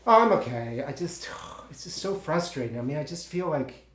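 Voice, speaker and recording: Man acting as a young stage actor, insecure, stammering, slightly high voice, solo stage monologue, roomy theatre sound. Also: big pitch swings, fairly bright tone. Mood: frustrated. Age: 20s. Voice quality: stammering, halting, full of restarts. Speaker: actor in a one-man play. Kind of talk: solo stage monologue, talking to unseen partners.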